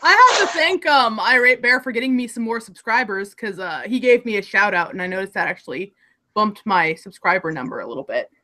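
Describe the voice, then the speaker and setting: A woman's voice: medium pitch, big pitch swings, fairly quick, bright, forceful tone. A woman from Alaska with an Alaskan accent, chatting casually and rambling with restarts as a content creator. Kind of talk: casual group chat.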